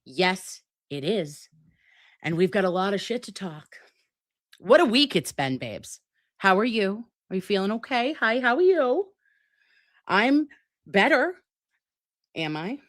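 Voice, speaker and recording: A woman's voice: medium pitch, very animated, a little slow, long pauses. A woman hosting a casual livestream chat, brassy, profane and dramatic while recovering from a sinus and ear infection. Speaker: livestream host.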